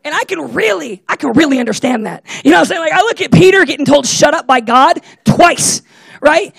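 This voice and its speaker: A man preaching a casual, jokey sermon to a church, acting out Bible characters with lively asides. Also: extremely high pitch, brisk, gravelly, no room sound.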